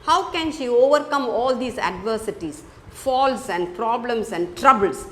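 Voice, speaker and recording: Female teacher, fairly high and lively voice, emphatic and repetitive lesson delivery. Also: unhurried, a little hiss or hum. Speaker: English teacher. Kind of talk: classroom lesson explaining a poem.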